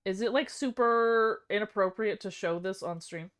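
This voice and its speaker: A young woman live streamer chatting casually, excitable and self-deprecating. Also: medium pitch, normal speed, smooth.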